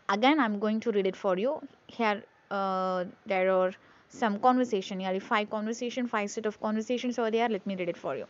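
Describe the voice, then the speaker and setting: A woman teacher, slowly drilling phrases and repeating each one for her class. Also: medium pitch, muffled recording. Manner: slow drilling repetition, reads phrases twice. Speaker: English teacher. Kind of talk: classroom lesson reading aloud.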